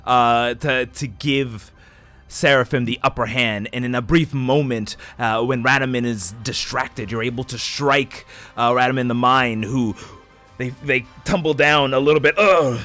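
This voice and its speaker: A man as game master, narrating a tabletop game dramatically with halting fillers. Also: medium pitch, fairly even intonation, pushed and bright, soft background music.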